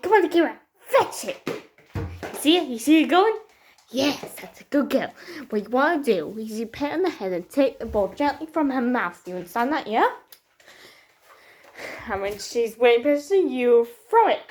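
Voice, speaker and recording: High, lively young woman vlogger. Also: normal speed, slight background noise. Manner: chatty, coaxing a dog in a high sing-song voice. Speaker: dog owner vlogger. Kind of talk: casual vlog narration. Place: home room with a dog.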